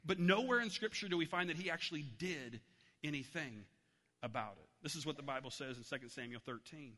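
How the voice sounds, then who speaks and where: A man's voice: on the high side, a little fast, pushed and bright. A man preaching a sermon, telling a story and acting out its voices. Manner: storytelling, acts out voices in anecdotes. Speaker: pastor. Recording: long hall reverb.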